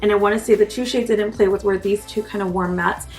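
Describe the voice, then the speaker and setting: A young woman chats through a makeup review with a gravelly, fry-laden voice. She talks in an easygoing, gushing way, clearly delighted with what she is showing, and her pitch sits in a middle range. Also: steady tone, fast talker, darkish tone, soft background music. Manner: gushing and enthusiastic. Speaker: beauty vlogger.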